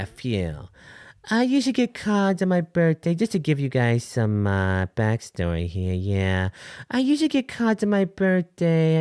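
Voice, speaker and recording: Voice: mid-range voice, darkish tone, no room sound, studio quality, close to an everyday voice. A performer voicing a chatty female caller who rambles and corrects herself.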